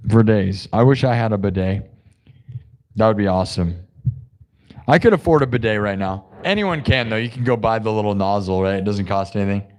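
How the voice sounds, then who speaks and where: A man hosting a music livestream, rambling and joking casually with his chat. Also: medium pitch. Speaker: livestream host.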